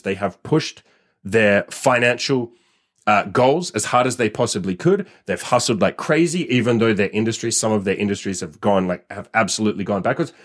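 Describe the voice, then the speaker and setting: A man hosting a podcast as a dating coach. He delivers a blunt, profane, fired-up motivational rant that scolds his listeners. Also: on the low side. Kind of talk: ranting motivational podcast monologue.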